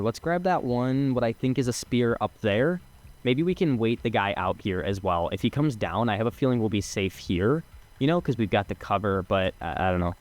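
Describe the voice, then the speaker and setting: Laughing and cursing as he goes, a young man streams a game with chatty, excitable let's-play commentary. His voice is pitched fairly low.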